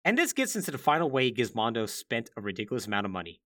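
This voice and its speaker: Animated man hosting a podcast. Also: medium pitch, fast talker. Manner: chatty, heavy use of "like", wry asides. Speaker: podcast host. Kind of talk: casual gaming-history chat.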